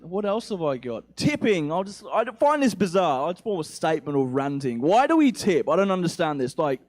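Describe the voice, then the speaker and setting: A young man doing a rambling, profane stand-up set, with an accent somewhere between English and Australian. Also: high voice. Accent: mixed English and Australian. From England. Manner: rambling, profane, self-mocking. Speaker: stand-up comedian.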